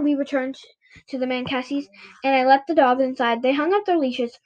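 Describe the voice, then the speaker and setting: A woman's voice: high voice, fairly even intonation, fairly quick, darkish tone, dull audio. A woman reading a children's book aloud, often stumbling and correcting herself. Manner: frequent stumbles and self-corrections. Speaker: reader.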